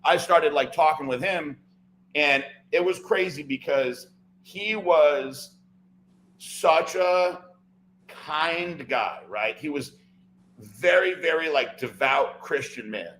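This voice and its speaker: A man's voice: fairly high pitch, slow, fairly bright tone, slight background noise, poor audio. A man, a podcast guest, telling a long personal story in casual chat, often tagging "right?" and "like". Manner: rambling, fills talk with "like" and "right?".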